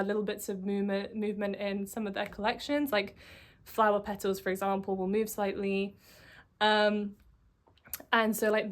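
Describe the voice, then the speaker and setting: A woman vlogger telling a personal story in a chatty, casual way, full of fillers. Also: mid-range voice. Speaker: coaching vlogger.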